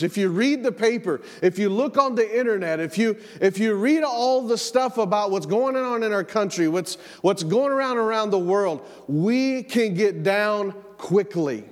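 A middle-aged man preaching a sermon in a church, in a conversational way that repeats words and tells family stories. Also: high voice. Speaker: pastor. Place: church sanctuary. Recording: long church hall reverb.

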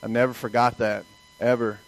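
A man's voice: mid-range voice, little pitch movement, moderate pace, low-quality recording. A man from the American South with a Southern accent, preaching a sermon in a folksy storytelling way and asking the congregation for amens. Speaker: pastor.

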